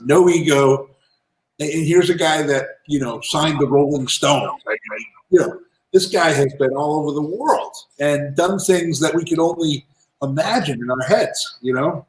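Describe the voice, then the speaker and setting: Animated storytelling businessman. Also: mid-range voice. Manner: animated anecdotes, lively storyteller. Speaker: guest, entrepreneur and author. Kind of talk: casual storytelling interview. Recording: roomy echo.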